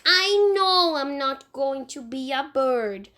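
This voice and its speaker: A woman reading aloud and voicing a playful little boy with squealing, drawn-out questions. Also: sits high, expressive, sharp tone, exaggerated voice.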